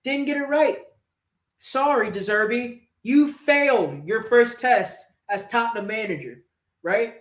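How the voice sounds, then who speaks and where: The host of a football fan channel livestreams an angry, profane match-reaction rant packed with rhetorical questions. His voice is extremely high and fairly bright, his pace measured, and the room gives off a roomy echo.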